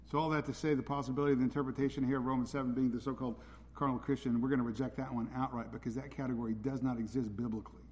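A man's voice: medium pitch, level tone, very fast, a little mellow, slight background noise. A man preaching a sermon as a pastor, blunt and direct in his delivery. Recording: reverberant hall.

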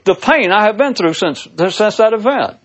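A man's voice: high-pitched, expressive, moderate pace, a bit bright, dull audio, voice pushed up. A man mimicking a wailing grieving mother. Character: grieving middle-aged mother, shrill and wailing.

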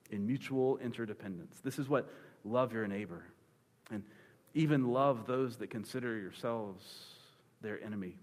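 A man preaching a sermon, retelling a scripture story in a lively, joking way with comic asides. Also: fairly low pitch, normal speed. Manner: animated, playful storytelling with dad-joke humor. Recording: long reverb of a large hall.

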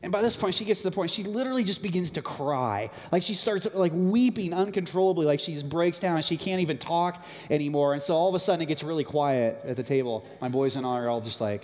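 A middle-aged man preaching a sermon, telling a family story with animated moments, then turning hushed and earnest. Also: fairly high pitch, fast talker, hardly any pauses. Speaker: pastor. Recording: long hall reverb.

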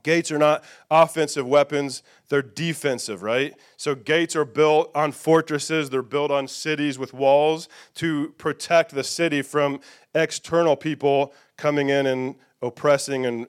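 A middle-aged man preaching a sermon, his voice smooth and resonant and pitched a little above most men's. He talks to his congregation in a conversational way, stopping often to ask "okay?" or "amen?" to make sure they follow. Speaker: pastor.

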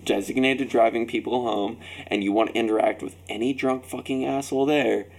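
In casual group banter, a man tells rambling, profane anecdotes, swearing freely and acting out what people said. His medium-pitched voice is brisk, creaky and a little mellow, with fairly even intonation.

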